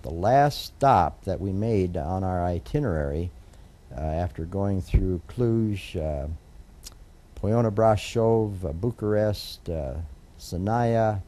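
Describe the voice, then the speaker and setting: Older man, deep dark voice. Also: lively intonation, slow. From United States. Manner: rambling, warm storytelling with many fillers and restarts. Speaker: federal judge, interviewee. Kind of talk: oral history interview storytelling.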